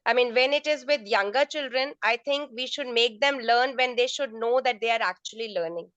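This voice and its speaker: A woman's voice: a little high, normal speed, fairly bright tone, no room sound, muffled recording. A woman answering teachers' questions in an online training session, explaining step by step and often restarting her phrases. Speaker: resource person, teacher trainer. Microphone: video call.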